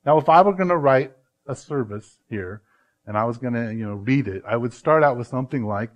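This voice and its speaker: A man, a pastor, preaching a sermon with emphatic swings from loud to hushed and slowing down to stress words. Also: medium pitch, animated, dull audio.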